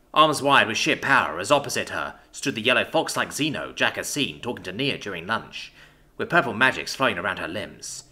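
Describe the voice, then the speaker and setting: A man narrating a science fiction story with a lively, expressive reading. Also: mid-range voice.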